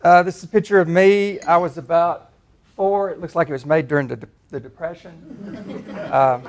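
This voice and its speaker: A man in his fifties from Tennessee with a Southern accent, giving a relaxed, self-deprecating personal talk as a faculty speaker. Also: a little high, normal speed. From Tennessee, USA. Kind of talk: personal talk at a campus forum.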